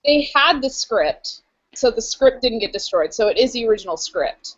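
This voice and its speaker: Chatty young woman co-host, slightly high voice, giggly. Muffled, dull audio. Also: lively intonation, moderate pace. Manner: chatty and giggly, full of fillers. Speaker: podcast co-host. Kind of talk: casual chat.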